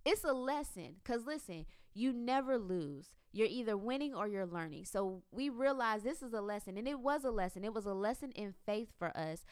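A woman, a mother, telling a faith-based personal story in a lively way, acting out her own past thoughts. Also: medium pitch, normal speed, few pauses, clear, resonant tone, dry recording, clean studio sound. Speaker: mother sharing a testimony.

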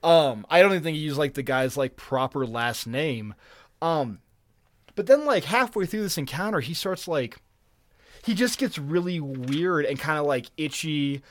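A man's voice: fairly high pitch, lively intonation, moderate pace, no echo. A man co-hosting a podcast, telling a long story in a rambling, profane way full of restarts. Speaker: podcast co-host. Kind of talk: casual chat.

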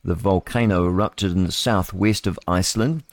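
A man's voice: low voice, moderate pace, no room sound, studio quality. A man with a New Zealand accent hosting live radio news, reading headlines in a chatty, rambling way with asides and tag questions to listeners.

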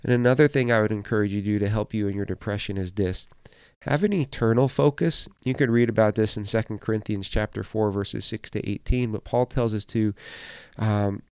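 Man preaching, earnest, emphatic, somewhat low voice, smooth and resonant, dry sound. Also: darkish tone, no echo. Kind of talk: sermon.

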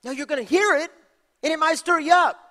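Man preaching, from Texas, bright and tense tone, long hall reverb, hushed asides and shouted peaks. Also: extremely high pitch, a little fast. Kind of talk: sermon.

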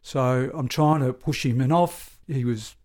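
An Australian man, a former police sergeant, recounting events in a conversational interview, halting and correcting himself as he goes. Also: mid-range voice, darkish tone. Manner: halting, self-correcting, with frequent restarts and fillers. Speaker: former police sergeant telling his story.

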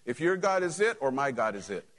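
A man's voice: medium pitch, big pitch swings, brisk, a bit bright. A male pastor voicing a sarcastic, fearless prophet in a sermon, with dry mockery. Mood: mocking. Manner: dry, mocking.

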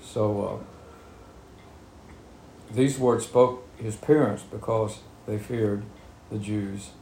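A man leads a Bible study in a lowish, gravelly voice with a darkish tone, fairly even intonation, and an unhurried pace. He reads verses aloud, then explains them in plain, conversational talk, in an echoey room with faint ambience and a little hiss or hum.

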